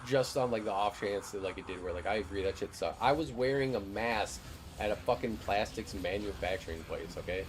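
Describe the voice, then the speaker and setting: A man's voice: lowish voice, brisk, background noise. A young man streaming a game, telling a profane, ranting story in casual chat.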